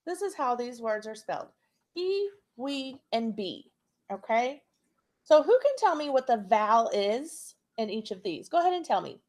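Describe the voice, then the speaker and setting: A woman teaching a phonics and spelling lesson to young students, patient and checking in often. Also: high-pitched. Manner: slow, patient, checks in with frequent "okay?".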